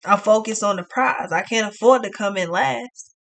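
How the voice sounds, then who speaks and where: A woman's voice: medium pitch, normal speed, creaky, a bit bright. A woman giving a casual tarot reading, talking in a blunt, profane, ranting way. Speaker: tarot card reader.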